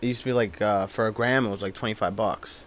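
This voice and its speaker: A man's voice: fairly low pitch, steady tone, fast talker, dry recording. A man chatting casually as a co-host, laid-back and joking. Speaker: podcast co-host. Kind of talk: casual chat.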